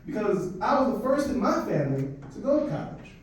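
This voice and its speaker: A man of Dominican heritage doing a stand-up set, telling an animated, profane story and working the crowd. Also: high-pitched, fairly quick, heavy background noise. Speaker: stand-up comedian. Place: comedy club stage. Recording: echoey club from a distance.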